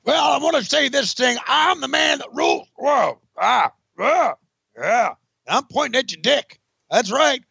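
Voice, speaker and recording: A man doing a shouting, boastful wrestler. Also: very high-pitched, animated, a little slow, gravelly, slightly rough, dry recording, dull audio, pitched above the performer's own voice, heavily acted. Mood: blustering. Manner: loud, shouting, blustering. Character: gruff boastful male wrestler, impression.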